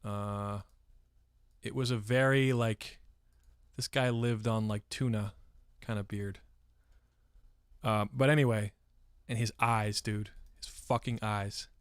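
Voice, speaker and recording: A man's voice: on the low side, fairly even intonation, slow pace, pauses often, clear, resonant tone, dry recording, clean studio sound. A man from San Francisco telling a story on a live stream, rambling and swearing freely and breaking off to answer chat. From San Francisco, USA. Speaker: livestreamer.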